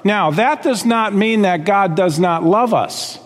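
A man's voice: high-pitched, slow, big-room sound. A man preaching a sermon, emphatic and repetitive, often checking in with the listeners. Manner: emphatic, repeats key phrases, checks in with "okay?".

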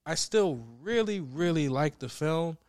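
A man co-hosting a casual chat, telling stories with loud laughing outbursts and mimicked voices. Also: a little high, lively intonation, a little slow, no room sound, studio quality. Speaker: podcast co-host.

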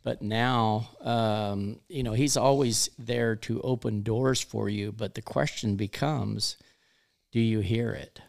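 A man's voice: on the low side, fairly even intonation, slow, gravelly, darkish tone. A man who owns a business speaks frankly in a faith podcast conversation, thinking aloud and restarting his sentences. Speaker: business owner. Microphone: podcast microphone.

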